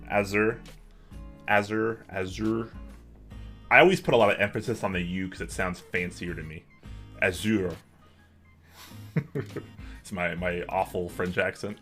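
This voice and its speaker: Man, livestream host, casual chat, reads out chat, deep voice, forceful tone. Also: brisk, faint music behind. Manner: chatty, reads and answers chat messages. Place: home office.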